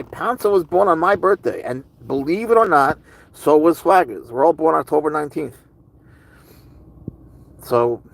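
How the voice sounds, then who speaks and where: A man's voice: medium pitch, creaky, rough recording. A man hosting a casual livestream with his cat, rambling chattily and answering viewers' chat messages. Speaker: livestream host with pet cat.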